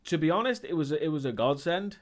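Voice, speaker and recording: A man's voice: a little high, animated, quick pace. A man streaming live and chatting casually as he answers viewer questions, rambling and hesitant, with many ums and restarts.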